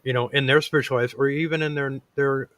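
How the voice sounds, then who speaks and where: A man's voice: medium pitch, steady tone, quick pace, a bit bright, no echo. A man hosting a casual talk show, earnest and rambling, with lots of fillers and restarts. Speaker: podcast host. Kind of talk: casual chat.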